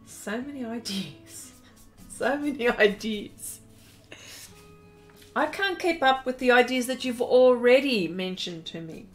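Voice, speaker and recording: This Australian art instructor's voice is a little high, animated, and slow, with faint music in the background. During her live-stream painting demonstration she giggles and chats, reading viewers' comments aloud and welcoming them by name.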